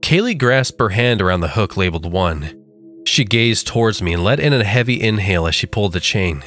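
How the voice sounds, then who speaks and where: A man narrating a horror story in a slow, measured way. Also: on the low side, expressive, a bit bright, faint music behind.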